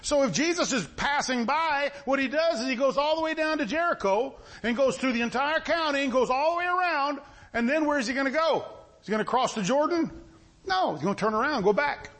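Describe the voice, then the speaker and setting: Male pastor, folksy sermon, high voice, very lively pitch. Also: a little fast. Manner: folksy, animated preaching with rhetorical questions.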